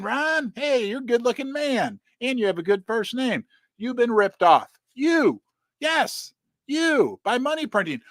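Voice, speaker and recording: A middle-aged man hosting a casual livestream about precious metals, animated and rambling, talking straight to his viewers. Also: very high voice, no echo, studio quality. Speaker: host of a precious metals channel.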